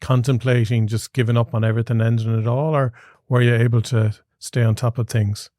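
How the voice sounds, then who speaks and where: A man's voice: mid-range voice, level tone, brisk, dark tone, no echo, clean studio sound. A man hosting a podcast interview, sharing his own habits plainly and then asking a direct question. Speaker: podcast host. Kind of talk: interview conversation. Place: podcast studio.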